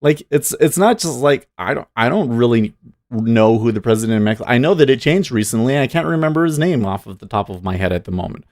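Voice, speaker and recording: This day-trading livestream host has a medium-pitched, slightly mellow voice and is an animated, fast talker, recorded dry with no room sound. Opinionated and rambling, he delivers casual stream commentary and responds to chat.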